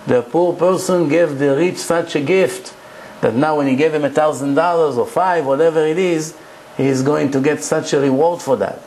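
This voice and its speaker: A man's voice: fairly high pitch, moderate pace, darkish tone, a little hiss or hum, low-quality recording. A man, a rabbi, giving a Torah lecture to a live audience, preaching emphatically and telling stories with rhetorical questions.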